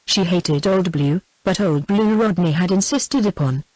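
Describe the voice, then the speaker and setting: Brief: synthetic British female narrator, steady measured audiobook reading, dry close sound. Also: lowish voice, no room sound, low-quality recording. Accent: British English. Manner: even, measured text-to-speech reading. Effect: synthetic text-to-speech voice. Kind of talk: scripted narration.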